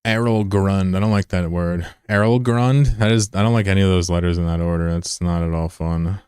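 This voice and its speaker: A man's voice: low voice, flat delivery, fast, darkish tone, clean tone, no echo, clean studio sound. A man in his thirties casually commentating his live gameplay, loose and profane, giggling and bantering with chat. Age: 30s. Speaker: streamer.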